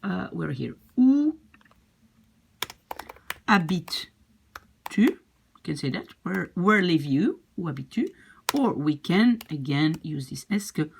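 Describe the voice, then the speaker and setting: A woman with a Dutch accent teaching a language lesson, patiently repeating phrases slowly. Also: on the low side, very animated, creaky, slight background noise.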